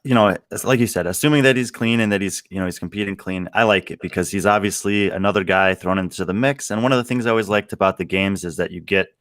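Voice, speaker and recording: Deep voiced co-host guy, calm and thoughtful, dry sound. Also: dry recording. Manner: measured, thoughtful. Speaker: podcast co-host. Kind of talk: casual podcast chat.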